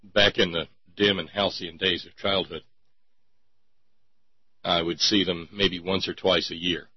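Male talk host, low husky voice, sardonic rambling delivery, dry dull lo-fi sound. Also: little pitch movement, a little slow, no room sound. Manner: wry, digressive, sarcastic. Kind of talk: casual radio-style commentary. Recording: dull lo-fi recording.

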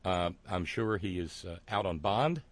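A man hosting a talk show, delivering sardonic, wry commentary with frequent fillers and halting restarts. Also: deep voice, expressive.

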